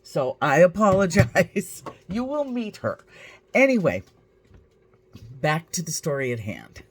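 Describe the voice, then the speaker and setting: Slow, dry-humored woman vlogger. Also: on the low side, very animated, husky. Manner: dry, wry and matter-of-fact. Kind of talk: casual storytelling to camera.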